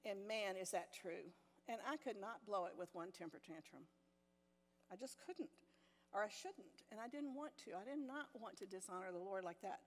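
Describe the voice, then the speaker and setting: A woman's voice: mid-range voice, expressive, moderate pace. An older woman teaching a women's Bible study, telling a personal story with self-deprecating humor and frequent laughs. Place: church meeting hall. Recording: long hall reverb in a church.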